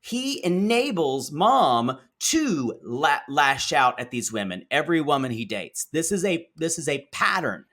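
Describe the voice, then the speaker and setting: A man co-hosting a casual recap podcast, talking in an animated, exclaiming way and calling listeners y'all. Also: fairly high pitch, a little slow, few pauses. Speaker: podcast co-host. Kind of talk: casual reality TV recap chat.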